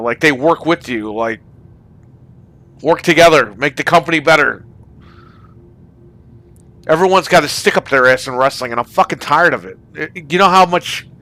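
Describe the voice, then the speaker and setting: A man's voice: fairly high pitch, pushed and bright. A man hosting a casual online gaming chat, ranting with heavy profanity. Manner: profane, ranting about wrestling. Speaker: podcast host.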